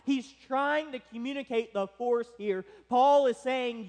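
A pastor preaching a sermon with emphatic stress, slowing down to press key words. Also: male voice, very high voice, fairly even intonation. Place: church sanctuary. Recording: long hall reverb.

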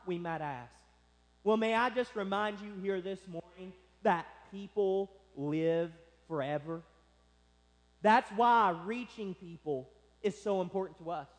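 A pastor preaching a sermon with emphatic stress, slowing down to press key words. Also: male voice, high voice. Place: church sanctuary. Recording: long hall reverb.

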